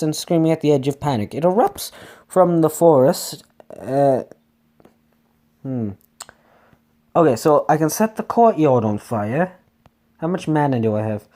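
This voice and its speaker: A man's voice: on the high side, darkish tone. A man reading a text adventure aloud, often tripping over words and correcting himself, with joking asides. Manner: stumbling reading, frequent self-corrections. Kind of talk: casual read-aloud gameplay with asides.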